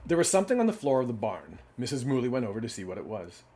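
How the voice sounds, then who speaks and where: A man's voice: mid-range voice, very animated, very fast, dark tone, husky. A casual man reading picture books aloud. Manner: casual, with asides and fillers. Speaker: children's book reader.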